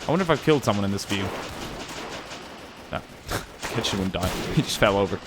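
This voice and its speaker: A man with a lowish voice talks through a war game in a loose, rambling way, thinking out loud and dropping the odd curse. Faint gunfire from the game sits behind his voice. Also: expressive, fairly quick, noisy background. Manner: rambling, musing aloud, casual swearing. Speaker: gaming channel host. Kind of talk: casual gameplay commentary.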